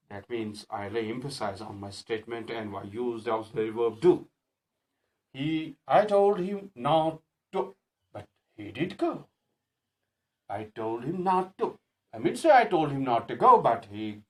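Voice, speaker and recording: Slow, deliberate male grammar teacher. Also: medium pitch. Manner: slow, deliberate delivery, repeating example sentences with emphasis; frequent hesitations and self-corrections. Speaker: English teacher. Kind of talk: grammar lesson.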